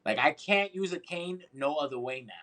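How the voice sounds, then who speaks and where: This podcast co-host has a fairly high voice and keeps a moderate pace on a roughly recorded casual show. His story comes out animated and profane, with the voices of the people in it acted out.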